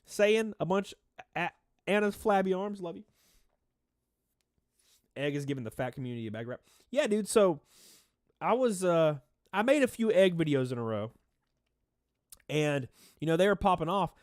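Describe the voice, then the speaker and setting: A stuffy-nosed man hosting a livestream, chatting loosely and calling out viewers by name. His pitch leaps up and drops back down, and he sounds a little out of breath. The recording is dry and close. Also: lively intonation, normal speed, pauses often, dry recording. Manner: rambling, reads chat names aloud, shouts out donors. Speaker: livestream host. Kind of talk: casual livestream chat.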